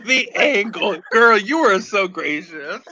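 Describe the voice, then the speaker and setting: A man's voice: sits high, expressive, takes it slowly, crowd noise, rough recording. A man hosting a casual gossip chat, sassy and theatrical, calling his co-host girl and honey.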